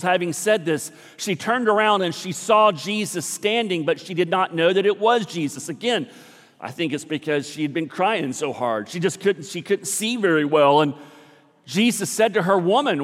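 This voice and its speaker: Male pastor, higher-pitched voice, preaching with rising and falling intensity, reverberant sanctuary. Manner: dynamic preaching, swings between soft and loud. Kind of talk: sermon. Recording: long hall reverb.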